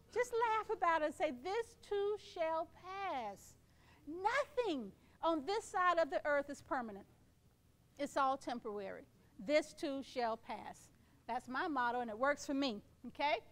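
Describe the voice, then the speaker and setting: A middle-aged woman delivers a motivational keynote in a strikingly high voice. She is encouraging and playful, slipping into small quoted voices to make her points. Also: expressive, moderate pace, fairly bright tone. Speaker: keynote speaker.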